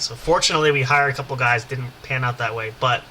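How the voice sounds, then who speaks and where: Bright-voiced man rambling through a story. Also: mid-range voice, quick pace, few pauses, slight background noise, poor audio. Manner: rambling, lots of fillers and asides. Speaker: podcast host. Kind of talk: casual storytelling.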